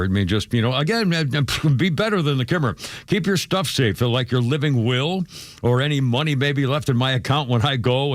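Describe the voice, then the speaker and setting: A man's voice: mid-range voice, no echo. An older man hosting a talk radio show, rambling loosely through a live-read ad and studio chat full of fillers and asides.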